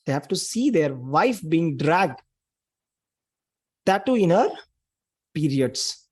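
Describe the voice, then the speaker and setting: Husky-voiced man telling a sacred story. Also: on the high side, sing-song, slow pace. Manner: emphatic, dramatic storytelling with heavy repetition. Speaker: spiritual speaker. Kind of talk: sermon retelling a scripture story.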